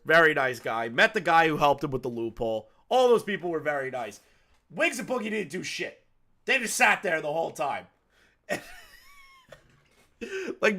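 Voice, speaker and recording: A man's voice: on the high side, sharp tone. A man commenting casually on a clip and telling stories, loose and profane, laughing often. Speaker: commentary streamer.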